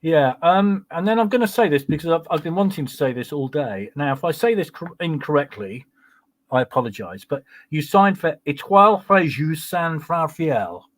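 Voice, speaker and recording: A man interviewing a guest, with a slightly high voice. He asks polite, gently probing questions in an easy conversational tone. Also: animated, moderate pace. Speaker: interviewer host.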